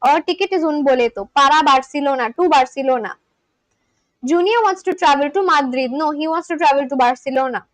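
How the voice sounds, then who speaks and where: Brisk and high-pitched, a woman streaming live from Kolkata, West Bengal, India practices a language by saying phrases and translating them in casual chat. The recording is low-quality but has no echo.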